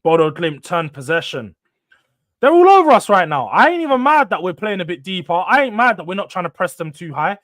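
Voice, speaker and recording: A young man commentating casually on a live match, his voice pitched high and lively. He swings between excited outbursts and tired, low mumbles, and the sound is close and dry with no room around it. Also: fairly quick, dry recording. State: tired, yawning. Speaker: host of a football watchalong.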